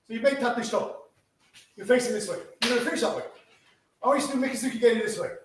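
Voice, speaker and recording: A man's voice: very high voice, fast talker, background noise. A man teaching a karate class, giving instructions and checking in with a frequent "yeah?". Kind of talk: teaching a martial arts class. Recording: echoey room from a distance.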